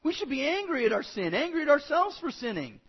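A man preaching a sermon as pastor, animated and acting out quoted voices, with a husky voice. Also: very high-pitched, brisk, muffled recording.

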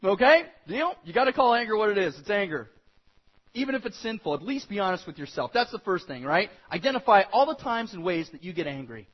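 A man preaching a sermon as pastor, animated and acting out quoted voices, with a husky voice. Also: high-pitched, dull audio.

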